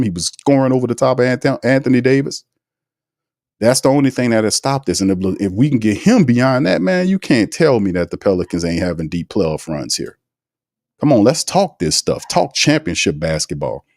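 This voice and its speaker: Deep-voiced new guy hosting a sports podcast, slangy and teasing, reads the chat, dry sound. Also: darkish tone, dry recording. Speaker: podcast host. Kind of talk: casual sports talk, reading live chat.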